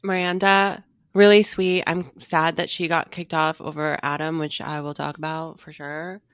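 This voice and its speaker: A woman's voice: low voice, little pitch movement, normal speed, clear, resonant tone, dry recording, studio quality. A young woman co-hosting a casual chat, emphatic and slangy in her opinions. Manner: chatty, emphatic, fond of slang. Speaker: podcast co-host. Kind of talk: casual chat reviewing a reality show.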